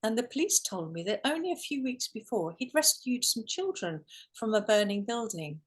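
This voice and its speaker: A woman's voice: fairly high pitch, very animated, normal speed, breathy edge. A woman, a guest in an interview, telling a personal story earnestly with many restarts and fillers. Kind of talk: emotional storytelling.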